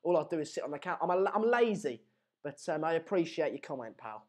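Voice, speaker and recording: Young male streamer, energetic, rambling, jokey match-chat host. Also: on the high side, fast. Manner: rambling, jokey, self-mocking. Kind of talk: casual live match chat commentary.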